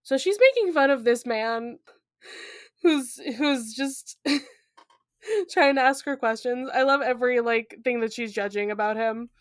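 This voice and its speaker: Young woman, high voice, dry close sound, chatty and playful, laughing often. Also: a little slow, dry recording. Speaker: podcast co-host. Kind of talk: casual book-discussion chat.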